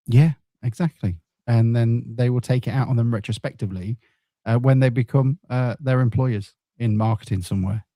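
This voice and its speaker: Mellow, wry man. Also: medium pitch, normal speed, no echo, studio quality. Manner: wry, laid-back, reads listener comments. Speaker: podcast co-host. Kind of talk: casual football chat.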